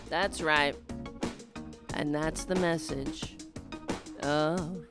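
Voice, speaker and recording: A woman hosting her own show, rambling and rallying her supporters with a hoarse, cracking voice. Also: deep voice, measured pace, long pauses, music in the background. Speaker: livestream show host. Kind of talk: casual livestream chat.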